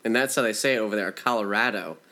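A man's voice: lowish voice, steady tone, rapid-fire, bright, forceful tone. A man hosting a casual interview chat, easygoing and often chiming in with short agreements. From US East Coast. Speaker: podcast host.

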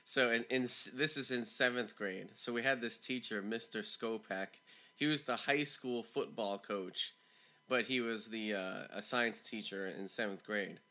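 A man telling a school story in casual chat, animated and laughing, acting out the people in it. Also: lowish voice, measured pace. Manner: animated storyteller, laughs often, acts out quotes.

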